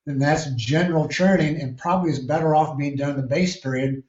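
A man, a triathlon coach, answering interview questions in a measured, explanatory way with frequent restarts. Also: on the high side, fairly even intonation, darkish tone. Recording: echoey distant lo-fi call.

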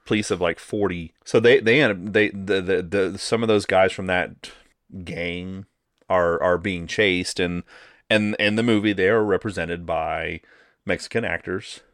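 A man's voice: low voice, steady tone, a little slow, fairly bright tone, dry recording, clean studio sound. A man co-hosting a podcast, recapping a movie's plot in a rambling, casual way with lots of fillers. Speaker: podcast co-host. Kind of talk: casual movie review chat.

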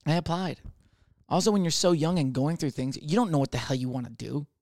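A man's voice: on the high side, a little fast, a little mellow, no room sound, studio quality. A man in his twenties telling a rambling, profane comic monologue with lots of restarts. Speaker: comedian.

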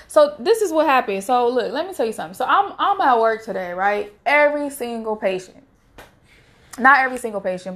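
A woman's voice: fairly high pitch, fairly bright tone. Earnest woman preaching casually. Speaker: faith vlogger sharing a devotional message. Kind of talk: casual devotional talk.

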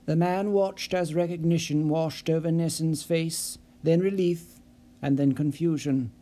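A man narrating an unabridged novel in measured, even storytelling. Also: on the high side. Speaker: audiobook narrator. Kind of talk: scripted narration.

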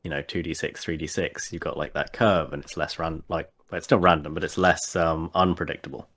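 A man's voice: very deep voice, steady tone, fairly quick, a bit bright. A man chatting casually about tabletop games, hesitant and full of fillers and restarts. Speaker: podcast guest.

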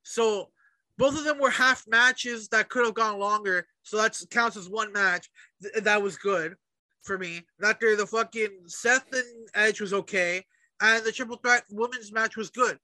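A man's voice: high voice, a little slow, sharp tone, no room sound, rough recording. A man co-hosting a casual chat show, ranting animatedly and swearing often. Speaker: podcast co-host.

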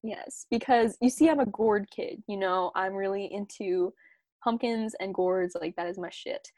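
A woman's voice: mid-range voice, normal speed, darkish tone, no echo. Young woman, from Long Island, playful slangy chat, giggly, dry close sound. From Long Island, New York. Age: young adult. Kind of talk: casual chat.

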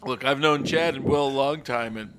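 A man's voice: medium pitch, moderate pace, noisy background. A man co-hosting a comedy podcast who heckles with mock-sincere sarcasm. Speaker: podcast co-host. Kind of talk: comedic banter.

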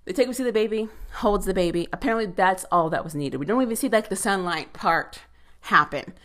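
A woman's voice: mid-range voice, brisk. A woman casually recapping a TV episode, talking in sassy, profane asides with plenty of filler words. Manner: sassy, profane, animated commentary.

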